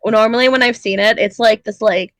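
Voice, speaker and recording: A woman's voice: on the high side, fairly even intonation, brisk, no echo, rough recording. A woman player in a tabletop role-play stream, rambling casually with lots of fillers.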